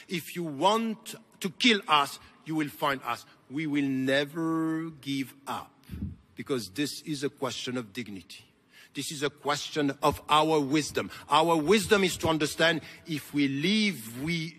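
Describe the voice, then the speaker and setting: A man's voice: on the high side, a bit bright, in a large hall. A man giving an impassioned convention speech, with emphatic, repetitive rhetoric. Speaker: convention keynote speaker. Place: large convention hall.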